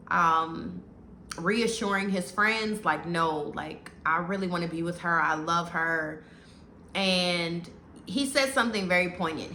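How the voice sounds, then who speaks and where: A woman's voice: lowish voice, sharp tone. A woman giving a casual, opinionated recap of a reality show, talking bluntly and with animation. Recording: echoey room with faint noise.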